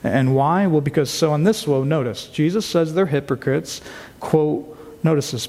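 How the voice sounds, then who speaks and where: A man's voice: on the high side, normal speed, darkish tone. A male pastor preaching a sermon, earnest and emphatic, asking rhetorical questions as he explains a passage. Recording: long hall reverb.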